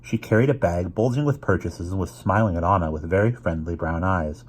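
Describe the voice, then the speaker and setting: A man with a low, husky voice reads a children's novel aloud like a storybook narrator. His pace is calm, steady and unhurried, though he stumbles a few times and makes small restarts.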